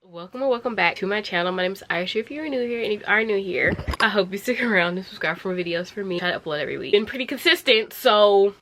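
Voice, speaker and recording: A woman's voice: medium pitch, animated, fast, few pauses, loud music behind the voice. A young woman hosting a book channel, talking in a chatty, rambling way and fighting off hiccups. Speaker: booktube host. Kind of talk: casual chat about books.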